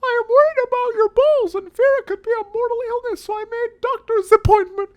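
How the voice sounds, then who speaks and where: A man voicing a worried mother hedgehog in a high falsetto, for a mocking comic reading of a fan story. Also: a little fast. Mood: fretful.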